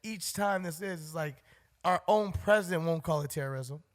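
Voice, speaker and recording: A man's voice: fairly high pitch, moderate pace. A man co-hosting a podcast, talking bluntly and heatedly in casual chat and swearing freely. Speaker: podcast co-host.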